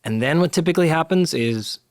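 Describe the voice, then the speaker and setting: Measured, reflective podcast host, a man. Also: on the high side, expressive, no room sound, clean studio sound. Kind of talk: interview conversation.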